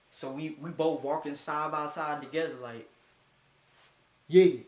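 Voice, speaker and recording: A young man casually telling a story, animated, slangy and breaking into laughing asides. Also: a little high, normal speed, slight background noise.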